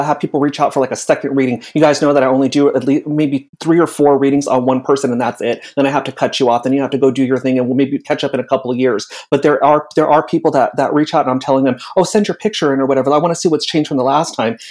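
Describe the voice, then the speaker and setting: A man's voice: medium pitch, fairly even intonation, fast, few pauses, a little mellow. A man speaking as a psychic guest in a casual podcast chat, blunt and emphatic, often repeating words as he starts a thought.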